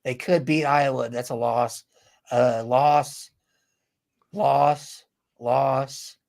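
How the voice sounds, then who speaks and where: A man's voice: mid-range voice, steady tone, extremely slow, creaky, darkish tone. A man co-hosting a casual sports podcast, making blunt win and loss calls and laughing often. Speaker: podcast co-host.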